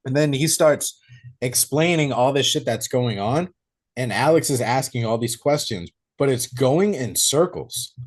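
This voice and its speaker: A man's voice: mid-range voice, measured pace. A young man casually recapping a horror film's plot on a podcast, quoting the characters in shifting voices as he goes. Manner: animated retelling, quoting characters in changed voices. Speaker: podcast co-host.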